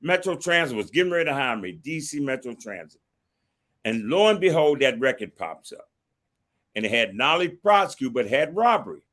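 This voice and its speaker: An older man from Washington, D.C., a retired marshal who is a guest on the show, telling a personal story in a lively way and acting out the dialogue he quotes. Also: mid-range voice, a little fast. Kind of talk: storytelling interview.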